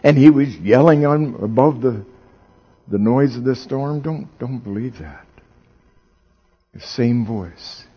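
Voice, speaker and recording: A man preaching a sermon, swinging from hushed storytelling to loud, exclaiming emphasis, and asking the audience questions. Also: mid-range voice, takes it slowly, pauses often, slightly rough, highs cut off.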